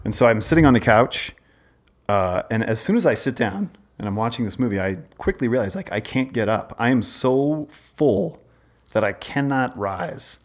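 A man's voice: medium pitch, animated, normal speed. A man in his forties, a podcast co-host, telling a long rambling story in casual chat, often breaking off and restarting. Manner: rambling, self-interrupting storyteller.

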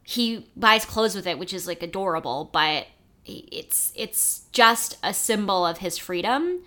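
Female co-host, mid-pitch, crisp bright tone; fast, sassy, emphatic chatter. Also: lively intonation. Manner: emphatic, sassy, talks fast with many likes. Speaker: podcast co-host. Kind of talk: casual chat.

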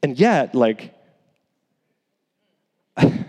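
A man preaching a sermon in an animated, conversational way, with asides and restarts. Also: medium pitch, extremely slow, long reverb tail. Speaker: pastor.

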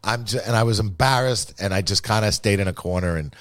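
Man, low voice, rambling, profane, self-deprecating, casual podcast story, dry close mic. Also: a little fast, a bit bright, no echo.

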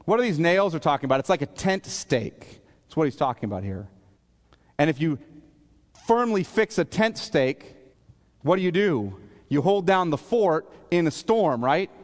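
A pastor preaches, his voice sitting a little high for a man. He works through scripture verse by verse, often asking the congregation questions. A long reverb from the church hall trails each phrase. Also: very animated, moderate pace. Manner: asks the congregation questions, expository. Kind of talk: sermon. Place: church sanctuary.

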